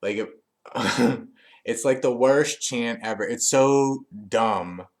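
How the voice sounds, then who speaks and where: A man's voice: medium pitch, takes it slowly. A man giving a chatty, loose recap of a wrestling show as a reviewer, with frequent fillers and restarts. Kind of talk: casual recap commentary.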